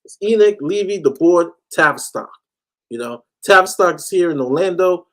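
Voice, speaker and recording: A man's voice: high-pitched, lively intonation, normal speed, a bit bright. A man from the United States ranting animatedly as a football fan panelist. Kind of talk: casual fan chat.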